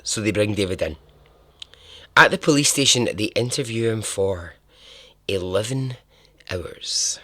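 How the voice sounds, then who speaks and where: A man's voice: fairly low pitch, animated, a little slow, pauses often, bright, forceful tone, no echo, studio quality. A man hosting a podcast, telling a true-crime story in a chatty, irreverent way, with swearing and laughter at his own asides. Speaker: podcast host.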